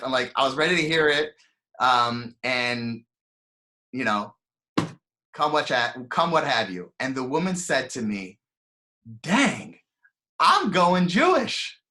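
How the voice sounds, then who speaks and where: A young man giving a storytelling sermon as a rabbi, animated and chatty, acting out voices and using lots of fillers. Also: medium pitch, unhurried. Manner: animated, acts out quoted voices, frequent fillers. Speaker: rabbi giving a weekly Torah talk.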